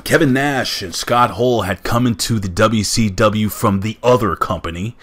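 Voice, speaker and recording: A man's voice: on the low side, normal speed, fairly bright tone. A man hosting a casual countdown commentary, talking enthusiastically and straight to his viewers. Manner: enthusiastic, addresses viewers directly. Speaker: host.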